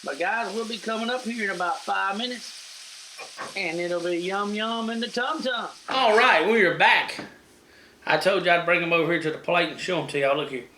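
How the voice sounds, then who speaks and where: A man's voice: high-pitched, moderate pace, pushed and bright, a little hiss or hum, low-quality recording. A middle-aged man hosting a casual home cooking demo, chatty and folksy, talking to viewers as guys. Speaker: cooking show host. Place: home kitchen.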